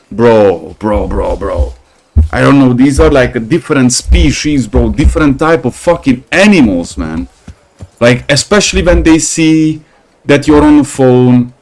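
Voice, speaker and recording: A man giving casual gameplay commentary, rambling and swearing, who gets animated when he tells stories. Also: on the high side, normal speed. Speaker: gaming channel host.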